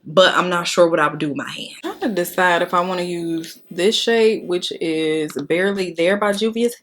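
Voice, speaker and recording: A woman's voice: fairly low pitch, moderate pace, hardly any pauses. A young adult woman chatting casually and candidly while doing her makeup, swearing freely and crying as she thanks her viewers. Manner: candid, profane, tearful and emotional. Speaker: beauty vlogger.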